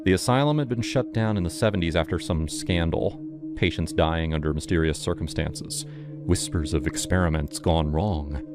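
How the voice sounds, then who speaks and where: Guy with a super deep voice telling a horror story, slow and dramatic, music going behind him. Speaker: narrator. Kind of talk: first-person horror story narration.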